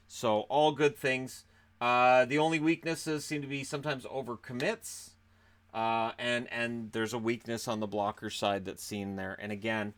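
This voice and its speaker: A man's voice: mid-range voice, a bit bright. A man with a Canadian accent talking casually to camera about hockey prospects, loose and chatty with frequent fillers and restarts. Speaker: hockey YouTuber. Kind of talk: casual scouting commentary to camera.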